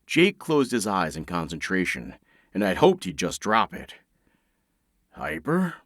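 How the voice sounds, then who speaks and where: A man's voice: deep voice, very animated, normal speed, fairly bright tone, no echo, clean studio sound. A male narrator reading a first-person audiobook with a sardonic, exasperated edge.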